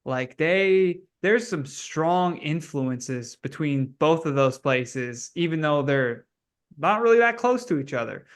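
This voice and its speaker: Laughing, agreeable podcast host. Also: male voice, fairly high pitch, expressive, slow, clear, resonant tone. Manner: laughs often, agreeable, repeats "yeah". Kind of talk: casual podcast chat.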